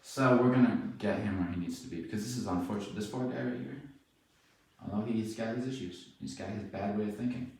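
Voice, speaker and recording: A man working as a dog trainer, explaining casually in a relaxed, rambling way while praising the dog. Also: on the low side, fairly quick. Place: indoor room with dogs. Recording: echoey room, mic far off.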